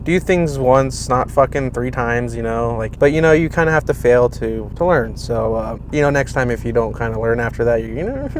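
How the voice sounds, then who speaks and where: A man's voice: mid-range voice, expressive, moderate pace, few pauses, slight background noise. A young man casually talking through his car project in a loose, rambling, profane way. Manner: loose, rambling and profane, with lots of "you know". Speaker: car vlogger. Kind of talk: casual garage vlog.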